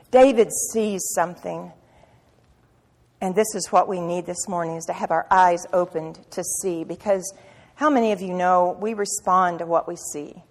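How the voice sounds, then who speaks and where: A woman preaching a sermon with passion, firing rhetorical questions and swinging from loud to hushed. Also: on the low side, a little slow, long pauses. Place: church sanctuary. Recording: reverberant hall.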